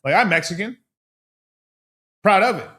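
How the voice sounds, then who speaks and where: A man's voice: sits high, expressive, normal speed, sharp tone. Profane, rambling male host. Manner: profane, rambling, laughs often. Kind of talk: casual livestream commentary.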